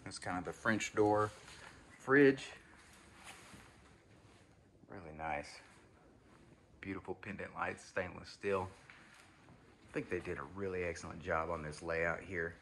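Narrating a walkthrough of his new house, this home tour host addresses viewers as y'all in a casual, enthusiastic way. His low voice moves at a moderate pace with fairly even intonation and a slightly bright tone, over a faint hiss or hum.

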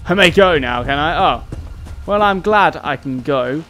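A man's voice: on the high side, expressive, moderate pace, a bit bright. A man giving playful, joking commentary while playing a video game. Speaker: gaming channel host. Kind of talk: let's-play commentary. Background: game music.

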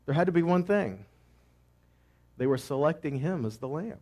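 A man teaching a sermon who asks questions and answers them himself, moving between loud cries and quiet asides. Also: a little high, animated, normal speed. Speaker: messianic teacher.

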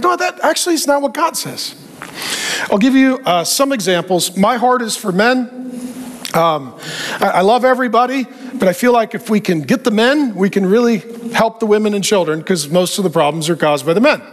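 High-voiced man preaching a sermon. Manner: animated and joking, acting out quoted voices. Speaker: pastor.

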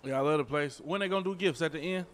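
A man's voice: a little high, very fast, slight background noise. A man playing a role-play character, in casual slangy street talk over a headset mic.

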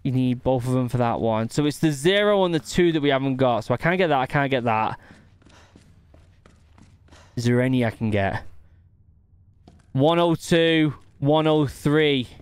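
A man talks his way through a video game, thinking aloud and muttering half to himself as he hunts for the way forward. His voice is smooth and resonant, pitched in the middle for a man. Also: expressive, moderate pace, long pauses, dry recording. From United Kingdom. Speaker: gaming channel host. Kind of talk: gameplay commentary.

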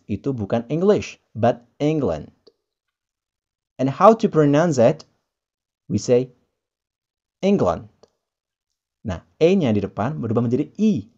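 An English teacher, running a pronunciation lesson, repeating each word slowly and emphatically, with playful chatty asides. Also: medium pitch, warm tone, lo-fi sound. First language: Indonesian. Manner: slow, emphatic repetition of words. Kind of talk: pronunciation lesson, drilling words.

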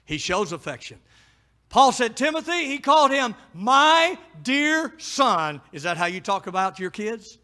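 A middle-aged pastor delivers a full sermon in a high, bright voice, shifting from hushed pleading to loud, emphatic exhortation. His intonation is lively, his pace a little slow, and he barely pauses.

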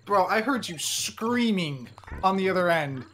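A man's voice: sits high, expressive, unhurried, fairly bright tone. A man co-hosting a casual let's-play on a voice call, talking in an easygoing, laid-back way. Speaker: co-host on a gaming channel.

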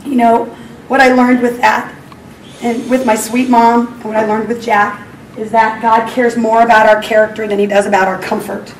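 A woman's voice: on the high side, level tone, moderate pace. A woman in her forties telling parents a personal faith story in an earnest, storytelling way. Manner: earnest storytelling, acts out her own prayers with rising emotion. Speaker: speaker at a school parenting talk. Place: school hall. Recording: echoey hall from far off, faint ambient noise.

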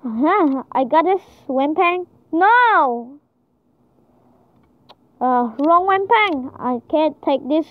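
Very high, excitable woman gaming. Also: slow, pauses often, no room sound. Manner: excitable, frequent panicked exclamations. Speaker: gamer. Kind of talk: panicked gameplay commentary. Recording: tinny phone-like sound, dry.

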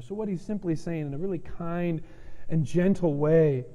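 A man preaching in a church, his fairly high voice rounded and mellow. Long reverb from the sanctuary trails behind every line. He delivers the sermon earnestly, pressing hard on key points and then dropping to a soft, gentle tone. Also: brisk. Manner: earnest, emphatic preaching that swings between loud urgency and soft gentle stretches. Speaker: pastor.

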